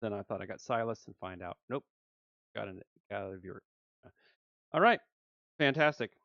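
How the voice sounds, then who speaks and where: Animated man narrating his game pulls. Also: fairly low pitch, normal speed, dry recording, dull audio. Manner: animated, swings between hype and disappointment. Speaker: gaming channel host. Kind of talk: excited gacha pull commentary.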